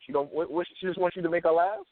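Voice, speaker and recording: A man's voice: fairly high pitch, steady tone, racing, dry recording. A man co-hosting a radio talk show, teasing and mock-incredulous as he questions a caller. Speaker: radio co-host. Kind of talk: comedic radio banter. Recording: tinny phone-like line.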